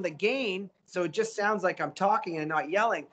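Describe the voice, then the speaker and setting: A man, a voice actor guest, telling stories in a casual interview, lively and coaching with acted-out quotes. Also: sits high, normal speed. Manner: animated, acts out quotes, coaching.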